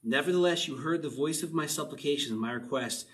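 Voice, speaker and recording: Casual male pastor, chatty sermon with questions and chuckles, a bit high, recorded slightly off-mic. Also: fast talker, fairly bright tone, far from the mic, rough recording. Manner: conversational, asks the listeners questions, chuckles often. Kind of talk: casual sermon, reading and explaining a psalm.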